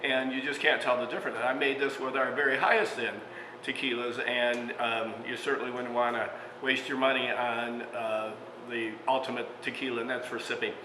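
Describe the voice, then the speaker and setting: Speaking briskly in a mid-range voice with fairly even intonation, this man is a restaurant chef hosting a laid-back cooking show. He demonstrates dishes while swapping stories, dropping plenty of fillers and chuckling partway through sentences. Long reverb from an echoey room and a faint background hum color the audio.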